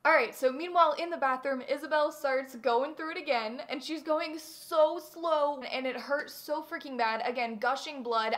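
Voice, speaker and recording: A young woman with a high voice tells a storytime vlog. She is animated and dramatic, piling on fillers as she goes. Her delivery is casual and chatty. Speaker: vlogger.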